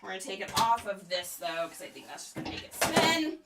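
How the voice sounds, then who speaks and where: A woman's voice: medium pitch, very animated, brisk, heavy background noise. A middle-aged woman chatting playfully in a casual vlog as an online reseller. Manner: chatty, playful, laughs a lot.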